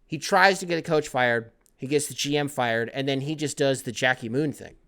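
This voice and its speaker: A young man hosts a casual sports podcast in a mid-range voice at normal speed. He rambles and jumps between topics, animated and swearing a lot.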